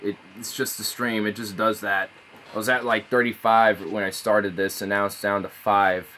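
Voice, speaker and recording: Casting: young male streamer, low-pitched with a bright, forceful edge, rambling and profane, phone mic. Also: little pitch movement, normal speed, slight background noise, poor audio. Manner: rambling, loose, profane, repeats words as he restarts. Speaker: live streamer. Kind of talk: casual live-stream chat.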